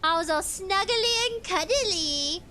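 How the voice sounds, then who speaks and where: A woman's voice: very high-pitched, animated, slow pace. A woman live-streaming a game in casual chat, giggling as she reads chat messages and game text aloud. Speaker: VTuber streamer.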